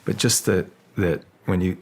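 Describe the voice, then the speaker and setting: A man speaking as a guest in an interview, halting and restarting, then animated when telling stories. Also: low-pitched, creaky. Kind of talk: casual interview talk.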